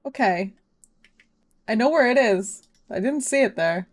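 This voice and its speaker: Slow-talking playful woman streamer. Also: a little high, animated. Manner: chatty, self-deprecating, laughs often. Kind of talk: casual live game commentary.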